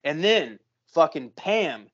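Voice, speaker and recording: A podcast co-host with a voice on the high side takes his time telling a long story in casual chat. He's a profane, animated storyteller who curses often and acts out the people involved. The audio is muffled and lo-fi.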